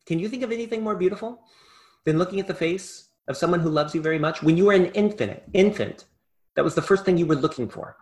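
A male preacher giving a sermon, impassioned, swinging between loud emphasis and hushed asides. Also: high-pitched, quick pace.

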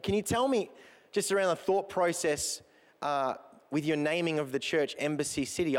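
A man preaching a sermon to his church, earnest and building in intensity, with touches of self-deprecating humor. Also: on the high side. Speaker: pastor. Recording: long hall reverb.

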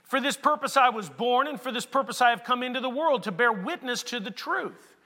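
A man voicing Jesus on trial, speaking in a measured, earnest way within a sermon. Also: very high-pitched, lively intonation, sharp tone, in a large hall, full character voice. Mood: calm. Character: calm, steady Jesus on trial.

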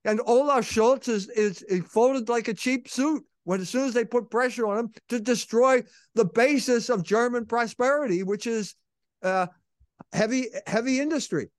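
A male co-host on a political talk show argues in a high, emphatic voice. His tone is sardonic, and the sound is dry with no room around it. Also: moderate pace, no echo.

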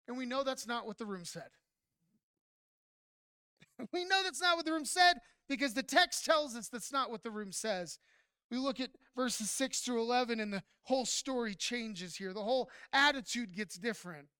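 Crisp, bright-voiced preacher. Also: lively intonation, moderate pace, no room sound, studio quality. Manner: emphatic preaching, swelling to near-shouts at high points; addresses congregation directly with frequent "right?". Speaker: pastor. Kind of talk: sermon.

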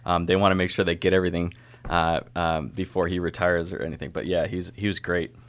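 Very deep-voiced man rambling casually. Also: little pitch movement, fairly quick, fairly bright tone. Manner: rambling, restarts sentences often. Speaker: brewer guest. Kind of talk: casual chat.

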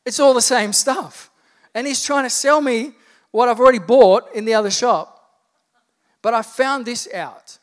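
A male pastor with an Australian accent, preaching a sermon in a casual storytelling way with humour and asides to the congregation. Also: sits high.

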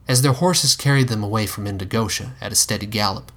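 A man reading his own story aloud in a slow, folksy Western drawl, matter-of-fact about magic. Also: on the low side, fairly bright tone. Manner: drawling cowboy voice.

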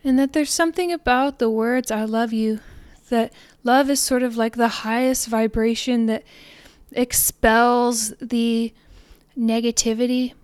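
A woman giving a reflective spiritual talk in a soft, earnest, meditative way, sometimes slowing and fading to near-whispers. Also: fairly high pitch, fairly even intonation, clean tone, no room sound. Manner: soft, slows down and trails off into near-whispers on repeated phrases. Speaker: spiritual podcaster.

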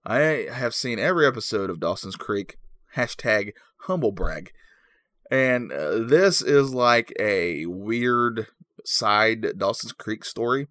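A man giving a mock-serious comedic movie review in a deadpan, rambling, mock-earnest way. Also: lowish voice, slow pace, no echo, clean studio sound.

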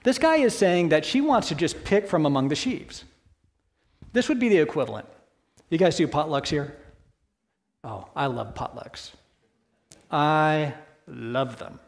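Conversational male preacher, somewhat high voice. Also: sing-song, normal speed, long pauses. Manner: expository, conversational, rhetorical questions. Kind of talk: sermon. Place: church.

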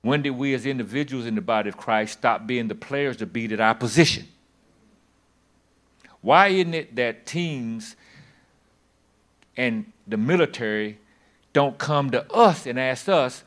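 Bright-voiced folksy preacher man. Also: mid-range voice, measured pace, pauses often. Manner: folksy, emphatic preaching with humor. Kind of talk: sermon.

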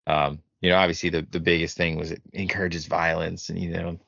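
Man, very deep voice, gravelly, laid-back rambling podcast guest. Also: level tone, fairly quick, sharp tone, no room sound. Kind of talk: casual podcast chat. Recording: slightly muffled dry podcast recording.

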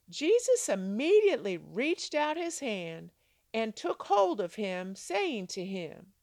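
A woman's voice: very animated, slow, dry recording. Woman doing a bible devotional, big swoopy voice, acts out the lines, asks lots of questions. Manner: dramatic storytelling with rhetorical questions; acts out quoted lines with big pitch jumps. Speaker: Christian devotional speaker.

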